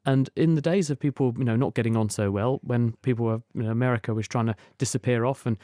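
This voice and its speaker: A man's voice: mid-range voice, fast, mellow, no room sound, clean studio sound. A man who is a science expert, fluently explaining answers to listeners' questions on a radio call-in show.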